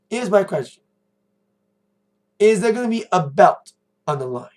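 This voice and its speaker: A man's voice: sits high, animated, measured pace, long pauses, a little mellow. A man giving a rambling, chatty recap of a wrestling show in a casual monologue, correcting himself as he goes.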